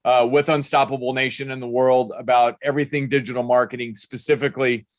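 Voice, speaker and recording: A man's voice: mid-range voice, steady tone, fast, no room sound, studio quality. An older man hosting an interview podcast, upbeat and motivational in his delivery. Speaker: podcast host.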